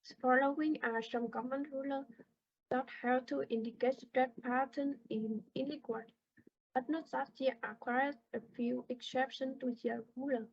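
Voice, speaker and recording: A woman slowly reading a class presentation on word stress, with halting pauses between phrases. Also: high voice, steady tone, creaky, slightly rough. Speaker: student presenter. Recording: dull lo-fi recording.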